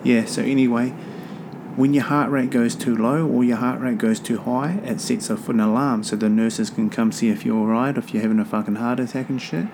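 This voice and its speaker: A man's voice: medium pitch, fairly even intonation, a little fast, noisy background. A man hosting a rugby podcast from home, talking in a rambling, offhand and profane way. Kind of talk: casual solo podcast chat. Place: home near an airport.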